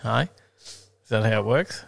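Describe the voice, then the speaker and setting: A man's voice: fairly low pitch, expressive, a little slow, vocal fry. A middle-aged Australian man co-hosting a casual live-stream chat, joking and laid-back, with lots of ums and repeats. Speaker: co-host.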